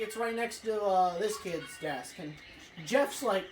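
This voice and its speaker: A woman telling a rambling, swear-filled school story while playing a racing game, with excitable outbursts. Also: mid-range voice, normal speed, slight background noise. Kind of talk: casual let's-play storytelling. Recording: echoey room, faint music.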